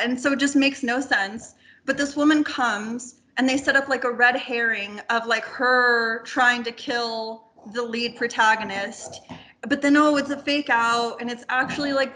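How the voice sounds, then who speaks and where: Guesting on a film podcast, a woman whose voice runs on the high side chats at a moderate speed. Her talk is casual and meandering, packed with "like" and the occasional offhand curse.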